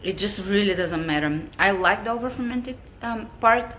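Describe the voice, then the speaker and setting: In an echoey room with faint background noise, a home baker tastes her own baking while chatting enthusiastically for a casual cooking vlog. She has a medium-pitched, animated, slightly bright voice at normal speed.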